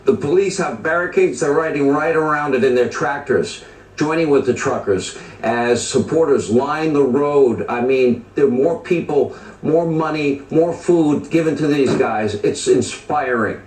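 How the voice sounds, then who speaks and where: A man's voice: mid-range voice, a little mellow, echoey room, far from the mic, low-quality recording. A man delivering opinionated TV commentary as host, emphatic and stacking lists of charged phrases. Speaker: TV news commentator.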